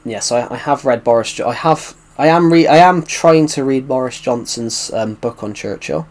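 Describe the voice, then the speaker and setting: A British man from the UK answers viewers' questions on a live stream, chatting casually, rambling and circling back to repeat himself. His voice sits at medium pitch with a darkish tone, at normal speed.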